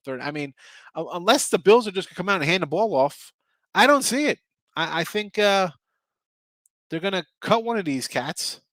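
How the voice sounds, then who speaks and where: A man's voice: on the high side, fairly bright tone, dry recording. A middle-aged man hosting a sports betting show, chatting casually with viewers, rambling and correcting himself, a bit tired. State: tired, yawning. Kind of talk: casual livestream chat.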